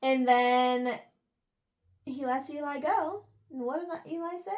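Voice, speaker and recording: A woman's voice: high-pitched, takes it slowly. A young woman chatting casually as she retells a novel's chapters, filling her talk with "like" and "you know" between laughs and sighs. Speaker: book reviewer. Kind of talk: casual chat, retelling a book.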